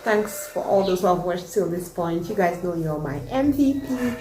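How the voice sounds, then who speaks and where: A woman's voice: fairly low pitch, animated, normal speed, dark tone. Woman, reaction vlogger, emphatic and opinionated, roomy echo, faint hiss. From Cameroon. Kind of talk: casual reaction vlog. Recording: echoey room.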